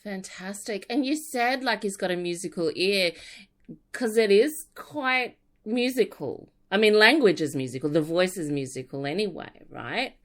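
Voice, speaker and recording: A woman's voice: mid-range voice, normal speed. A woman hosting an interview, asking chatty, playful questions. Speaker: radio host. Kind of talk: casual interview chat.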